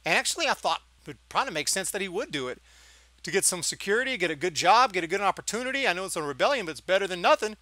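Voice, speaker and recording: A man's voice: high voice, sharp tone, no echo. A man giving a casual, sarcastic movie review, exasperated and acting out lines of dialogue. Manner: sarcastic, exasperated, acts out quotes.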